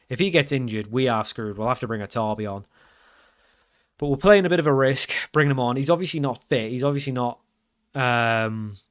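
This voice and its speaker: A man giving live commentary over his own football management game, frustrated and grumbling, then suddenly loud. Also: mid-range voice. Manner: excitable, swings from frustrated grumbling to loud outbursts. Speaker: gaming commentator.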